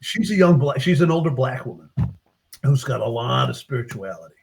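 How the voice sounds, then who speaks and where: A man, a book author in a casual interview, retelling his short stories with lively acted-out character lines. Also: mid-range voice, brisk, vocal fry, breathy edge. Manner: animated storyteller, acts out characters' lines.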